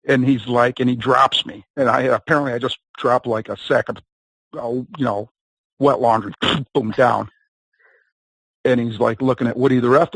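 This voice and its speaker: A man of medium pitch talks in a loose, rambling storytelling way, laughing now and then and slipping into voices of others as he recounts a ring mishap. His voice is close and dry, with no room sound around it. He comes across as an interview guest swapping stories. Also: a bit bright, dry recording, rough recording. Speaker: wrestler. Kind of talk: casual storytelling.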